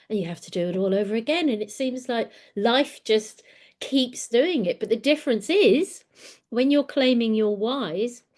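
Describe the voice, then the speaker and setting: A woman's voice: mid-range voice, darkish tone. A woman in her sixties giving an earnest, reflective talk on personal growth, often repeating words as she gathers her thoughts. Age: 60s.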